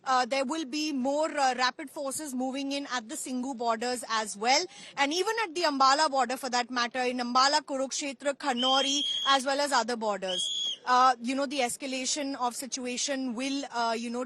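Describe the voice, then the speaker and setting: A woman's voice: high-pitched, sharp tone. A woman giving a live field news report, with frequent filler sounds. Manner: fast, many filler uhs.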